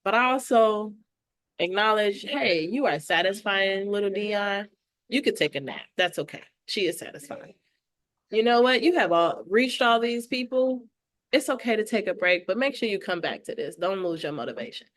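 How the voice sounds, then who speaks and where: Animated, laughing woman podcast guest. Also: medium pitch, normal speed. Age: adult with children. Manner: animated, laughs often, heartfelt. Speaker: podcast guest, artist and educator. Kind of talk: casual conversational interview.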